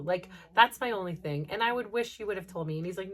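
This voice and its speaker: A woman's voice: mid-range voice, quick pace, hardly any pauses. Earnest rambling woman podcaster. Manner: earnest, rambling, full of "like" and "you know". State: emotional. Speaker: podcast host. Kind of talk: personal podcast monologue.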